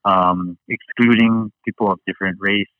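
A man's voice: on the low side, fairly even intonation, normal speed, no echo, phone-quality sound. A man from Hawaii, a guest chatting casually and rambling with many fillers and restarts. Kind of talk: casual interview chat.

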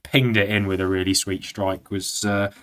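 A man's voice: on the low side, level tone, moderate pace, a bit bright, smooth. A man on a casual football podcast, giving a detailed, analytical breakdown of play. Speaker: podcast co-host.

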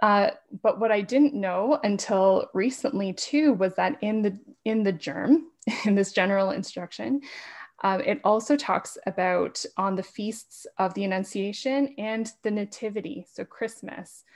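A woman who is a podcast guest in a casual interview, talking fast and laughing often. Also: mid-range voice, darkish tone. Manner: talks fast with frequent laughs.

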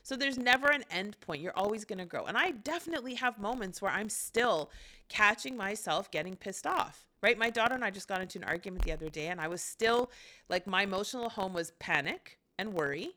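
A woman's voice: medium pitch, expressive, fairly quick, pushed and bright. A middle-aged woman hosting a podcast, giving a candid, casual motivational talk and swearing freely as she trails off and restarts. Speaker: podcast host.

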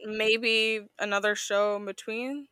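Bright-voiced woman in casual podcast chat. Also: medium pitch, slow, smooth, no echo, clean studio sound. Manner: relaxed, chatty, laughs often. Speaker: podcast co-host.

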